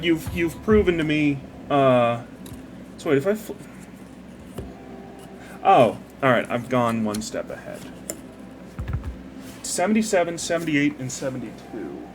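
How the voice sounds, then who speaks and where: Over a noisy background, a man with a slightly high voice works on a model and retells a parable. His talk is casual and meandering, full of profanity, and he keeps getting sidetracked by the build.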